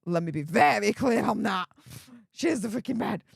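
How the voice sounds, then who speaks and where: A woman's voice: medium pitch, animated, normal speed, creaky, husky, dry recording, clean studio sound. A woman with a Yorkshire accent hosting a casual livestream, reading viewer messages with chatty, laughing, sarcastic asides. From Yorkshire, England.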